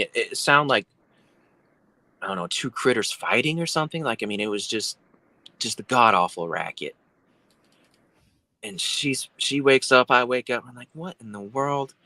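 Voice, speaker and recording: A man's voice: lowish voice, sharp tone, dry recording. A man, a guest telling a long story on a video call, rambling with many fillers and restarts. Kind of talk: casual storytelling.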